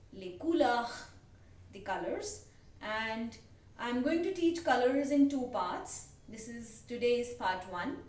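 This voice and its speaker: A woman with an Indian English accent, teaching a language lesson slowly and patiently and repeating each word for her learners. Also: fairly high pitch. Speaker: French teacher. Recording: echoey room, voice a bit distant, faint background hiss.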